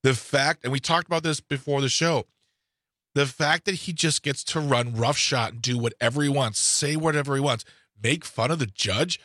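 Male talk radio co-host, chatty and wisecracking, bright voice, dry close studio mic. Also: medium pitch, no room sound. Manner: chatty, jokey, quick to agree. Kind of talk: casual talk radio discussion. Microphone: studio microphone.

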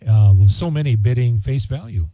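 A man's voice: mid-range voice, expressive, moderate pace, warm tone, no echo. A man hosting a local radio charity auction, reading out winning bids in a folksy, chatty way with plenty of fillers. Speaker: radio host.

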